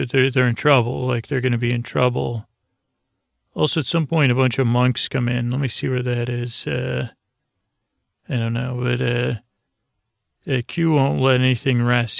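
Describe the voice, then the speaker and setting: A man hosts a bedtime podcast and rambles slowly through an episode recap. His voice is heavily gravelly and his delivery stays flat and monotone, with many halting fillers and restarts. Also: medium pitch, no room sound. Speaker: podcast host.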